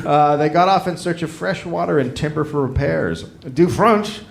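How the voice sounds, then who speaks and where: A man's voice: a little high, moderate pace, vocal fry, background noise. A man hosting a live comedy podcast, reading a history story from notes with crude jokes and laughter. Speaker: podcast host telling the story.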